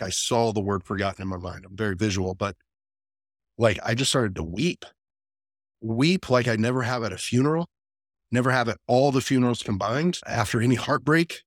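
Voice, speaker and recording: Earnest low-voiced man telling a story. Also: no room sound, studio quality. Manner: earnest and animated, acts out quoted dialogue. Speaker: podcast guest. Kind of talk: storytelling in a casual interview.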